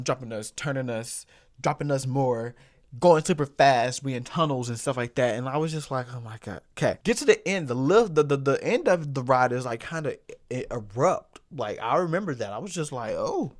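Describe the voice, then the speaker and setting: A man's voice: mid-range voice, no echo, studio quality. A young man hosting his own show, telling a personal story casually and repeating phrases for comic effect. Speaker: host.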